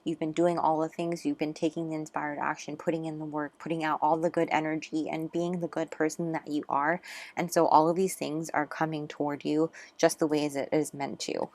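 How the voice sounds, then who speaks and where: Low, gravelly-voiced woman reading tarot. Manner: chatty, many fillers, earnest and encouraging. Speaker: tarot reader.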